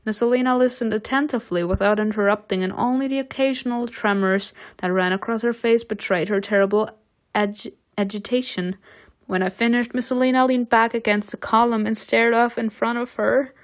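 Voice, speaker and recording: Brief: woman gamer, slightly high voice, reads the story expressively and adds casual comments. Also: brisk. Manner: expressive reading, chatty asides. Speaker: gamer reading a story game aloud. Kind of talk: reading a visual novel aloud with commentary.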